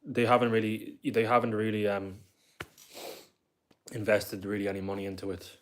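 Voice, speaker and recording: Chatty young Dublin streamer, low voice. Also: male voice, monotone, moderate pace. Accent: Dublin Irish. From Ireland. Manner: rambling, talkative, reads viewer comments aloud. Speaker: live streamer. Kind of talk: casual live-stream chat.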